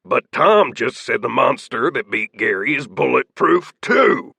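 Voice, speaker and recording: Man as bearded gang leader, shouty and commanding, husky. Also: medium pitch, very animated, a little slow, no echo, heavily acted. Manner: barking orders, shouting.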